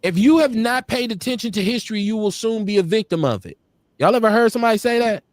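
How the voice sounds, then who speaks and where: Man, live-stream co-host, high voice, very lively pitch, blunt, profane, laughing. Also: fast, no echo, clean studio sound. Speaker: podcast co-host. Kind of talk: casual live-stream commentary. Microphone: streaming call.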